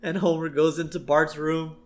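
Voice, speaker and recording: A man's voice: fairly high pitch, level tone, normal speed. A man co-hosting a podcast, recapping a cartoon episode in casual chat and acting out the lines. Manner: retells scenes, acting out lines. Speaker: podcast co-host.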